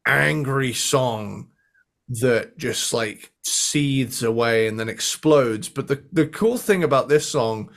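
A man co-hosting a podcast, chatting casually and with enthusiasm, humming guitar riffs and swearing freely. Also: mid-range voice. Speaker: podcast co-host. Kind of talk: casual chat.

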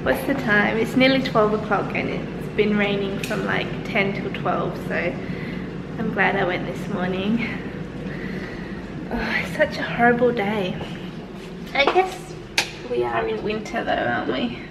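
A woman's voice: medium pitch, a little slow, creaky, echoey room, heavy background noise. A woman vlogger from Australia chatting casually to a handheld camera, giggly and self-mocking. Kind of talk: casual vlog chat. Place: at home and walking outdoors on a street.

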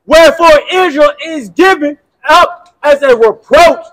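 A man reading scripture aloud in a plain, steady way and repeating phrases when prompted. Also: very high-pitched, a little slow, poor audio. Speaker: scripture reader.

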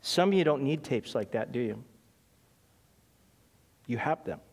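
A middle-aged man preaching a sermon in a conversational, animated way, telling stories with many ums and restarts. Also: mid-range voice, measured pace. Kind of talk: sermon with personal storytelling. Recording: long hall reverb.

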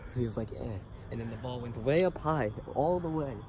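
A man's voice: medium pitch, expressive, fairly quick, mellow, slight background noise, natural voice, low-quality recording. A young man voicing a boastful Russian oddball who tells crude, rambling stories in broken English with a put-on Russian accent.

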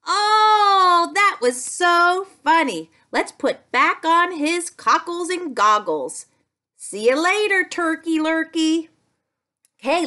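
A woman speech-language pathologist leading a playful children's lesson in an animated, sing-song, exclamatory way. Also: very high voice.

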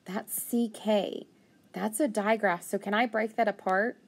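A woman teaching a phonics lesson, thinking aloud and patiently sounding out words, with steady praise. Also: medium pitch, a little slow, a little hiss or hum.

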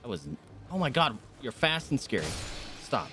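A man streaming a video game live, rambling through his play and breaking into startled yelps and shouts when enemies surprise him. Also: mid-range voice, sing-song, moderate pace, gravelly, faint music behind. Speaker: gaming streamer. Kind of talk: live gameplay commentary.

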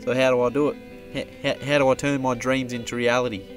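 A man voicing a rough, sweary bushman in an adult cartoon, blunt with a slight stammer. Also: mid-range voice, level tone, fast, over music, close to an everyday voice. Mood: earnest. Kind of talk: adult animated comedy voice acting.

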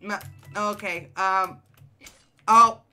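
A male game streamer with a high-pitched voice that sometimes cracks, chatting excitedly and answering his live chat while he plays. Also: very slow, clear, resonant tone, faint music behind. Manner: excitable, chatty, reacts to chat, repeats phrases.

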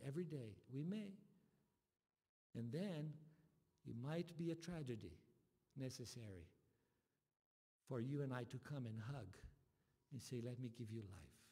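A male pastor delivers an impassioned sermon, his voice sitting a little high for a man. He drops to near-whispers and then climbs into loud, urgent appeals. Long reverb from the church sanctuary trails every phrase. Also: breathy edge. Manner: impassioned, swings from soft to loud.

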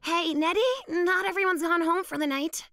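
Nettie, an excitable yeti. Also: female voice, very high-pitched, moderate pace, a little hiss or hum, heavily acted. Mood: excited. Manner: lively, excitable. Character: eager female yeti filmmaker. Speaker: cartoon character. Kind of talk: kids cartoon voice acting. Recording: cartoon soundtrack with music.

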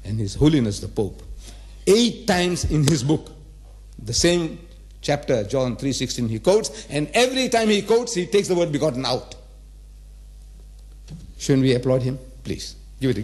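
A man's voice: fairly high pitch, darkish tone. A man in his seventies giving a public religious lecture, emphatic and repetitive, asking the audience rhetorical questions. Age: 70s.

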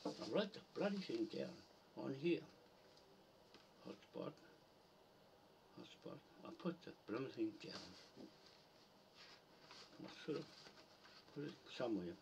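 A man in a rambling rant, angry and cursing, trailing off into mutters as he searches for something. He sits back from the mic, with faint noise and birdsong behind him. His pitch sits in an ordinary middle range. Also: very animated, measured pace, gravelly, long pauses, recorded from a distance. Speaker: video poster.

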